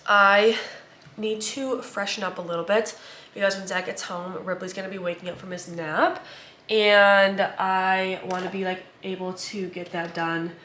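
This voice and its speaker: A woman's voice: medium pitch, a bit bright, reverberant, a little hiss or hum. Chatty congested young woman vlogging. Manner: rambling, filler-heavy, chatty. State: congested, stuffy nose. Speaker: vlogger, new mother. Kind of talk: casual chatty vlog. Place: at home and in a car.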